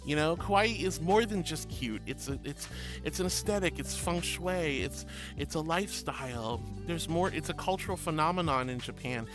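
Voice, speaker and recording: A woman's voice: low-pitched, normal speed, music in the background. A woman streaming casually, reading chat aloud in an affectionate, giggly way, calling viewers sweetie and honey and often repeating herself. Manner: rambling, repeats phrases. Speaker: VTuber streamer.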